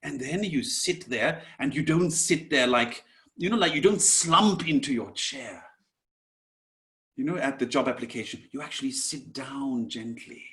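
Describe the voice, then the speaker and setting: A man teaching an online class in a slow, gentle way, dropping to soft whispers at times and calling his listeners "my dears". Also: medium pitch, lively intonation. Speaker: Sanskrit teacher.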